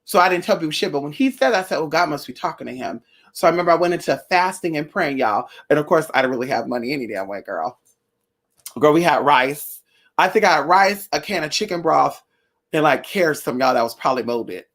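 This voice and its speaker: A woman vlogger talking straight to her viewers about her own life, blunt and animated. She swears freely and keeps calling her listeners y'all, girl and honey. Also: low-pitched, fast. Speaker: spiritual vlogger. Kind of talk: casual personal storytelling to viewers.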